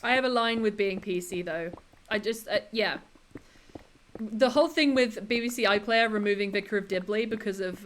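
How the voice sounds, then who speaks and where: A woman's voice: medium pitch, a little hiss or hum. A woman chatting casually on a livestream, laughing often and quoting comedy lines. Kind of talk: casual chat with chat while gaming.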